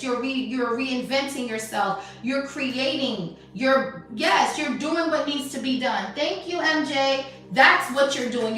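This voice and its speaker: Woman, tarot reader, blunt, sassy, profane, bright high voice, off mic, heavy echo, faint music behind. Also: far from the mic. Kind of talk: spiritual tarot reading.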